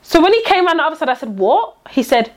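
A woman's voice: high voice, rapid-fire, noisy background. A young woman, casually telling a story and acting out the voices of the people in it. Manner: animated storyteller, acts out quoted lines, British slang.

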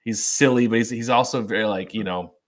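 A man co-hosting a casual film podcast, chatty and quick to laugh, acting out lines from scenes. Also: fairly low pitch. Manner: chatty, laughs often, acts out quotes. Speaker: podcast co-host. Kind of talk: casual movie discussion.

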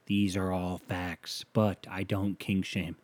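A man's voice: low-pitched, level tone, takes it slowly, no room sound. A man hosting a casual solo podcast from a small home studio, talking crude and rambling and mocking himself, close on a sensitive mic. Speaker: podcast host.

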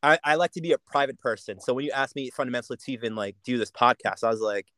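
A young man from Jamaica talks casually as a podcast guest, thinking aloud and circling back over his words. His voice sits at an ordinary middle pitch. The sound is dry and close, with no room around it. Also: fast talker, pushed and bright, no room sound. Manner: reflective, many restarts and repeated words. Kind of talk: casual chat.

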